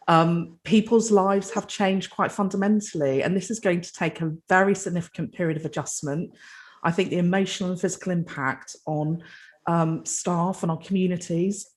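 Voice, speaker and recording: Earnest British woman, low voice. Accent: British English. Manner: fluent, earnest, with frequent restarts. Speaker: chief executive of a mental health trust. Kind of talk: panel discussion answer.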